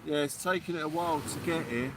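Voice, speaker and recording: Outdoors at night, a man hosts a live fishing stream, chatting casually and answering viewer comments. His voice is on the high side and fast, and there's noise in the background.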